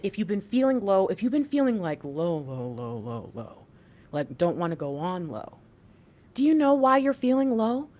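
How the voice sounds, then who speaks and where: A woman in her thirties hosting a livestream spiritual reading, talking in an animated, preachy way straight to her viewers. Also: medium pitch. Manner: animated, preachy, talks to chat. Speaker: intuitive reader and livestream host.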